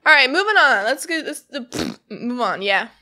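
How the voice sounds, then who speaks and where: A woman's voice: high-pitched, big pitch swings, moderate pace, sharp tone. A woman reading a comic aloud and reacting casually, bubbly and giggly, gushing about the characters and rambling with lots of fillers.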